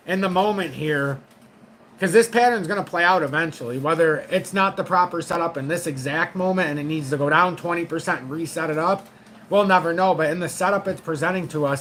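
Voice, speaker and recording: Blunt, profane crypto channel host. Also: male voice, on the high side, fairly bright tone, a little hiss or hum, low-quality recording. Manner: blunt and profane, frank, talks straight to his audience. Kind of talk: casual market commentary to viewers.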